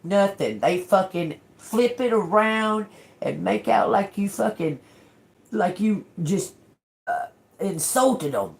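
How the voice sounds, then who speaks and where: A woman's voice: medium pitch, very animated, takes it slowly, gravelly. A woman giving a casual tarot reading to her viewers, blunt and emphatic, cursing freely and often checking in with "okay?". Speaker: tarot reader.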